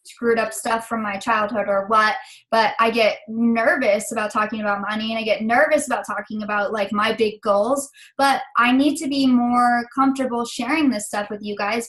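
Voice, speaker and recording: A woman's voice: fairly high pitch, fairly bright tone, low-quality recording. A young woman leading a team call, emotional and close to tears, rambling with many fillers as she encourages her team. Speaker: team leader. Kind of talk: team call pep talk.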